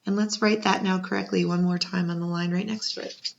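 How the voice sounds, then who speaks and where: A woman's voice: fairly low pitch, steady tone, fairly quick, vocal fry. A woman teacher giving a patient second-grade spelling lesson, sounding out syllables and encouraging young learners. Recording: muffled lo-fi recording.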